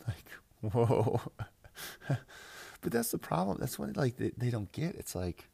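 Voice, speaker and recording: A man's voice: medium pitch, sing-song, takes it slowly, vocal fry, mellow, slightly rough. A young man hosting a fantasy football podcast, ranting casually with crude jokes, swearing and lots of filler words. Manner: crude, joking, mocking, frequent laughs and filler "like"; mimics others in exaggerated voices. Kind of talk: casual profane podcast rant.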